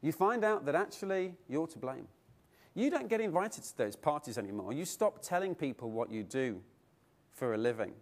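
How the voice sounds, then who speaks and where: A man's voice: a little high, moderate pace. A middle-aged man giving a keynote speech at a conference, telling stories and asking his audience rhetorical questions. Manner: lively storytelling with rhetorical questions. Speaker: keynote speaker. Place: conference hall.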